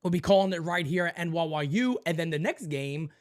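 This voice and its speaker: Animated man hosting a sports podcast. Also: fairly quick. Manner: animated storyteller, acts out high squeaky voices; laughs often, joking. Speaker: podcast host. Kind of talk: casual sports podcast chat.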